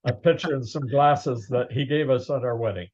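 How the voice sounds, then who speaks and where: An older man, a guest in a casual interview, speaking in a plain, measured way. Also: medium pitch, darkish tone, lo-fi sound.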